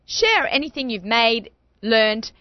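A woman's voice: on the high side, big pitch swings, takes it slowly, dry recording, dull audio. A woman hosting a radio talk show in a studio, chatty and bubbly, talking with lots of fillers.

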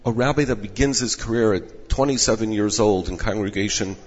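A fairly low, husky-voiced man losing his voice, explaining in a measured, advising way. The recording is dull with a long echo around him. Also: steady tone. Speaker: rabbinic placement director. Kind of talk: explanatory interview answers. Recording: echoey dull room audio.

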